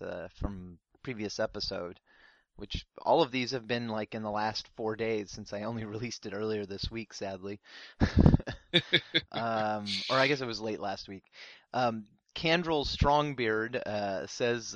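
A lowish-voiced man reads listener comments aloud on a podcast. He hesitates often and fills the gaps with ums. His audio is dull and lo-fi, with no room sound. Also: a little slow, no echo. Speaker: podcast co-host. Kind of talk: casual chat.

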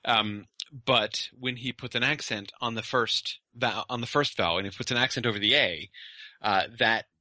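A man co-hosting a podcast, explaining a literary topic in a halting, professorial way with many restarts. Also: mid-range voice, sharp tone, no room sound. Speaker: podcast co-host and lecturer. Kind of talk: casual scholarly discussion.

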